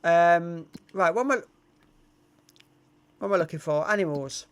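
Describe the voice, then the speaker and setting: A man's voice: fairly high pitch, normal speed, smooth. A middle-aged English man chatting casually on a live stream, reading out viewer comments with frequent ums and uhs. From England.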